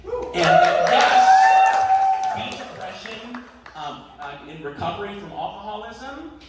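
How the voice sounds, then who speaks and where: Man, stand-up comedy host, high animated voice, echoey hall, distant mic, loud noise. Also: unhurried. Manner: rambling, self-deprecating, laughing through lines. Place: live comedy venue on stage.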